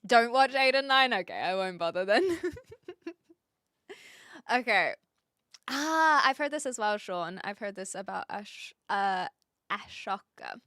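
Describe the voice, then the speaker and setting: A woman's voice: mid-range voice, expressive, measured pace, long pauses, sharp tone, no echo, clean studio sound. A young woman live streamer chatting casually with viewers, laughing often as she talks.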